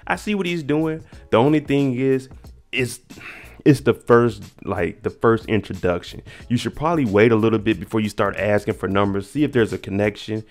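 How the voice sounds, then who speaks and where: Man, lowish voice, laid-back slangy commentary, dating tips, faint music underneath. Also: moderate pace. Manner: relaxed, chatty, slangy, advice to "fellas". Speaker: reality show reaction host. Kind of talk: casual commentary and dating advice.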